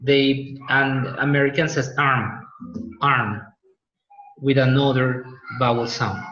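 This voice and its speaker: A man's voice: mid-range voice, level tone, a little slow, a bit bright, a little hiss or hum. Male teacher, echoey dull audio. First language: Spanish. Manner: explaining patiently, repeats words for pronunciation. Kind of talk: online class lecture.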